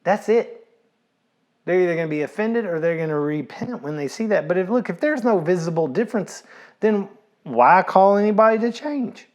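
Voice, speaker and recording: A man, a pastor preaching a sermon in a relaxed, storytelling way, repeating phrases and dropping in casual asides. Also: high voice, normal speed.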